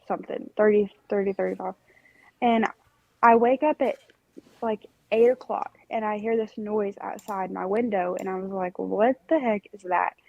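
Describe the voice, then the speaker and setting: A woman's voice: medium pitch, normal speed, gravelly, no echo, dull audio. A young woman co-hosting a podcast, rambling through a story in casual chat. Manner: rambling, animated storytelling with laughs. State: recovering from strep throat. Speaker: podcast co-host.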